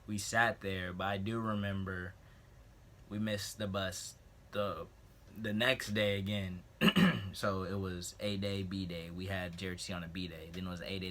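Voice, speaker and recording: Teen male vlogger with a low, forceful voice, loose and rambling as he tells a school story. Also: steady tone, normal speed. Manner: rambling, jokey asides, clears throat often. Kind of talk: casual storytelling.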